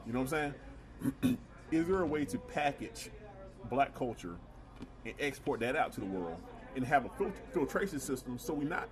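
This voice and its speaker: A male podcast co-host on a casual chat show speaks earnestly at a moderate pace, his medium-pitched voice expressive. He poses rhetorical questions and repeats words as he works out his point.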